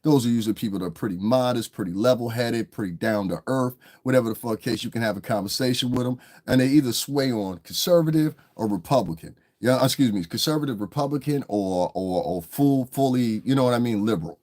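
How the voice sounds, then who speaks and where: Man ranting on a livestream, blunt and profane, mid-pitch voice. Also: fairly quick, few pauses, a little mellow. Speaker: livestream commentator. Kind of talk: casual livestream rant.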